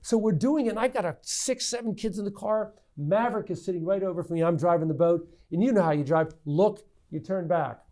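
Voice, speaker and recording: Middle-aged male politician guest, lively storyteller, frequent restarts and stammers, conversational. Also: sits high, brisk, few pauses. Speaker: state senator, podcast guest. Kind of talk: candid interview storytelling.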